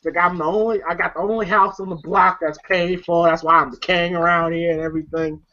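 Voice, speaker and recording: Guy laughing while he recaps a movie, bright pushy voice, muffled lo-fi recording. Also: sits high, level tone, brisk. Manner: retells scenes, quoting lines and laughing a lot. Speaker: movie reviewer. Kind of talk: casual movie recap chat. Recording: dull lo-fi sound.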